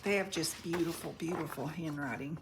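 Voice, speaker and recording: A woman whose voice sits low, with background noise behind her, presents vintage paper and crafts in a casual presale video. Selling crafts online, she chats without rushing, describes every item up close, and stumbles over foreign words.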